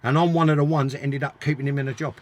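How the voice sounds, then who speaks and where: An older former footballer, appearing as an interview guest, tells blunt, sweary stories at a rapid-fire pace and drives his points home by repeating them. His mid-range voice holds a steady tone, with slight background noise.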